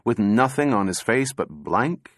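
A man narrating an audiobook in a steady, measured reading voice. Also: mid-range voice, no room sound, clean studio sound.

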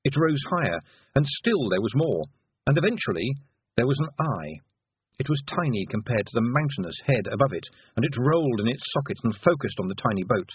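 A man narrating an audiobook with expressive, dramatic storytelling, on a thin phone-like recording. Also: lowish voice, fast talker, breathy edge, dry recording. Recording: phone-like thin band, dry.

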